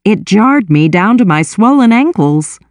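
A woman at a middle pitch narrating a first-person novel, wry and expressive in her telling. The sound is dry and close, with no room echo. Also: unhurried. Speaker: audiobook narrator.

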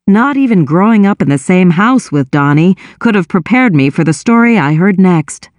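A woman reading a first-person novel aloud with wry, expressive storytelling. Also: on the low side, moderate pace, few pauses, dry recording. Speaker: audiobook narrator.

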